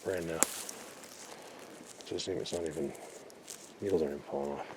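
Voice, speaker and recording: A man vlogging outdoors in a forest, excitedly showing viewers what he finds and sometimes dropping to a whisper. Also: very deep voice, moderate pace, noisy background. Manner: excited, talks to viewers, drops to a whisper at times. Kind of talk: outdoor exploring vlog.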